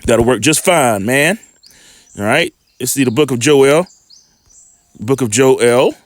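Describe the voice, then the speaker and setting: A man reading scripture slowly and deliberately, breaking off into casual asides as a teacher. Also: mid-range voice, no echo.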